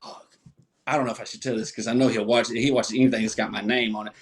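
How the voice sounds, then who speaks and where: A man, a comedian guest, telling stories in a casual, animated, profane way and laughing often. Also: mid-range voice, quick pace, husky. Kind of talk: casual storytelling interview.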